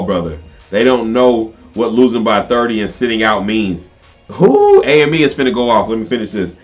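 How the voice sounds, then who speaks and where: A man hosting a casual live stream, reacting to a game and reading viewer comments aloud, animated and talkative. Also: fairly low pitch.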